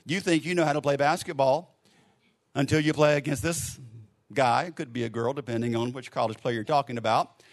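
A man preaching a sermon, telling a story in a casual, conversational way, dropping to a soft hush for gentle lines and leading a closing prayer. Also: on the high side. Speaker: pastor.

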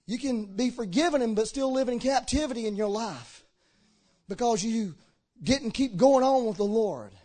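High-voiced man preaching with fervor. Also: lively intonation, moderate pace. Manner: impassioned, swinging between shouting and low earnest talk. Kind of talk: sermon. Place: church hall with a congregation.

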